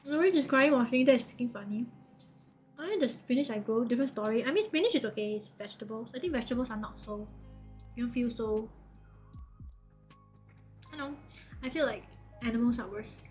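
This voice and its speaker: High-voiced lady streaming, giggly chatty reaction talk, loose grammar. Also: a little fast, pauses often, a little mellow, soft background music. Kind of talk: casual reaction chat.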